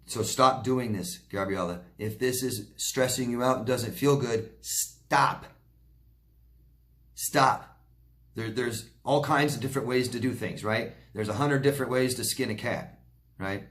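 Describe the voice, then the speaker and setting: A man with a somewhat low voice talks straight to his viewers, answering their questions one by one. His manner is direct and reassuring, and he keeps checking in with a quick "okay?". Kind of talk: casual Q&A advice talk.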